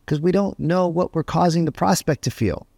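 A man's voice: fairly high pitch, moderate pace, vocal fry, dark tone, breathy edge, no echo. Emphatic male sales coach, dry close sound. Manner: emphatic, often adds "right?", acts out quotes. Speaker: sales coach and podcast host. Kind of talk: motivational podcast talk.

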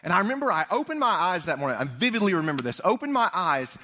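A man preaching a sermon, an animated storyteller who speaks straight to his congregation. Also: sits high, quick pace. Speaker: pastor.

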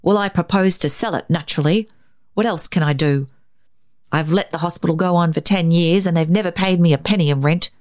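A woman's voice: lowish voice, fairly even intonation, quick pace, few pauses, darkish tone, close to an everyday voice. Testy old man, as a woman reads him. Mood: irritable. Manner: testy, curt. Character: irritable elderly man, wealthy property owner.

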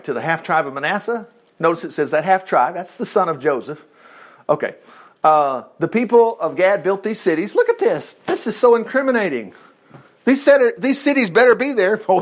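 Man, folksy Bible study teacher, somewhat high voice, very lively pitch, jokey asides. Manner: folksy, jokey, reads scripture aloud and acts out quotes.

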